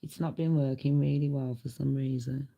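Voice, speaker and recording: A woman's voice: extremely low pitch, steady tone, normal speed, vocal fry, warm tone, rough recording. A middle-aged woman hosting a casual livestream, chatty and blunt, laughing often. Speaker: livestream host.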